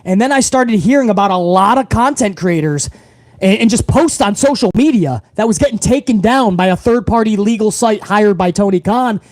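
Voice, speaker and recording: This profane live-stream rant comes from a man hosting a wrestling talk show, loud and unfiltered as he addresses viewers. He speaks at normal speed in an expressive voice that sits unusually high for a man, miked close and dry with no echo.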